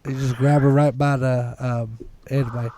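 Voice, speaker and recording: A man's voice: mid-range voice, level tone, normal speed, mellow, a little hiss or hum. A man hosting a casual wrestling podcast, teasing his co-hosts as he calls on each of them by name. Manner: teasing, rounds up the panel by name. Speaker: podcast host.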